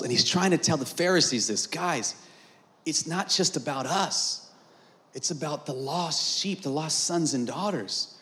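A male pastor with a medium-pitched voice leads a call-and-response sermon at an outdoor patio service, swinging between shouted and hushed lines.

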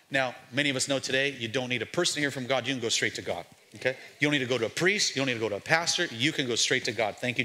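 A man preaching an energetic sermon as pastor, joking and calling out to his congregation in a lively way. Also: medium pitch. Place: church.

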